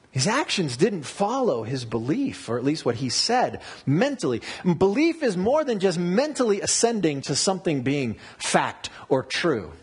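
A man preaching a sermon, explaining word meanings and telling stories in an animated way. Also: high voice, slightly rough. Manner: animated storytelling with wordplay and asides. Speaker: pastor.

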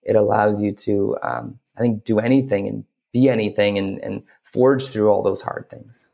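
A man's voice: fairly low pitch, fairly even intonation, normal speed, gravelly, mellow. A man talking as a podcast guest, rambling with lots of fillers. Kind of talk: casual interview talk.

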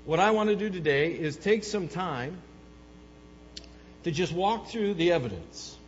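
A man preaches in a church sanctuary, his fairly high voice trailing off into a long reverb. He is emphatic, rising into loud bursts and dropping to low, earnest stretches. The recording is dull and slightly muffled, with a faint hum underneath. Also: expressive, a little slow. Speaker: pastor. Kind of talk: sermon.

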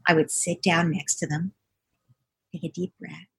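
A middle-aged woman giving parenting advice in a calm, coaching way. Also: lowish voice, normal speed, gravelly, husky. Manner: calm, coaching, acts out parent and child lines. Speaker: parenting expert guest. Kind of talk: conversational advice.

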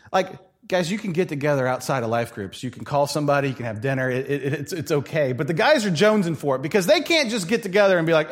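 Animated, higher-voiced male pastor preaching. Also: fairly quick. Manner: animated storyteller, acts out quoted voices, laughs often. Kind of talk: sermon.

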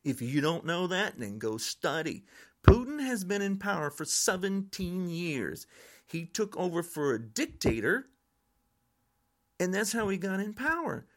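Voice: medium pitch, very animated, measured pace. Older podcaster, fired-up frustrated rant, voice swooping up and down. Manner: frustrated, angry ranting. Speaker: podcast host.

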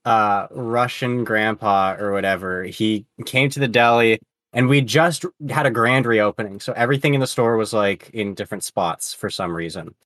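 A man's voice: on the low side, moderate pace, a bit bright, no room sound. Casual young man telling a story. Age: young adult. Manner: rambling, profane, lots of fillers. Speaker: podcast co-host.

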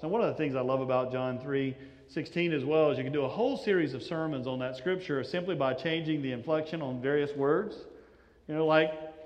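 A man's voice: a little high, a little fast, long reverb tail, muffled recording. A male pastor giving a sermon, telling stories and acting out the voices of the people in them. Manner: storytelling, acts out quoted voices, shifting inflection.

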